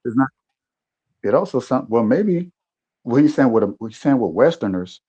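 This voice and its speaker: A man's voice: mid-range voice, very animated, moderate pace, warm tone, slightly rough. A man hosting a casual discussion who asks hesitant follow-up questions and searches for his words. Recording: muffled lo-fi audio.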